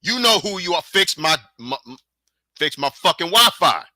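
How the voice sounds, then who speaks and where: High, sharp-voiced man ranting heatedly. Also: sing-song, normal speed, no echo. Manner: heated, profane, taunting with repeated challenges. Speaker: podcast host. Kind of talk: angry solo podcast rant.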